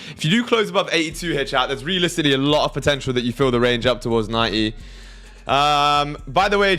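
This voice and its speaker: A man's voice: medium pitch, fairly bright tone. Crude, casual male livestream host. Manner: loose, crude, reads chat aloud.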